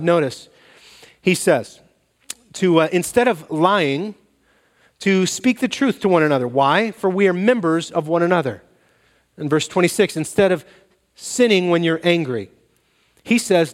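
A man preaching a sermon as pastor, telling stories and acting out bits of dialogue. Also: sits high. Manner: animated storytelling, acts out dialogue. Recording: long reverb of a large hall.

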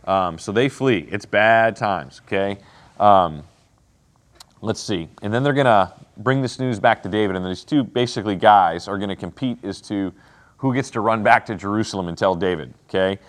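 A man with a somewhat low voice teaches a Bible class in an easygoing, conversational way. He keeps checking in with his listeners and tosses in quick asides as he explains the passage. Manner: conversational, checks in with "okay?" and "right?". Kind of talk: casual teaching with commentary.

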